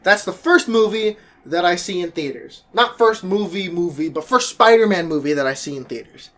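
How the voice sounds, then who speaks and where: A young man talking casually to camera, animated and jokey, with quick shifts in pitch. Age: young adult. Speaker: vlogger.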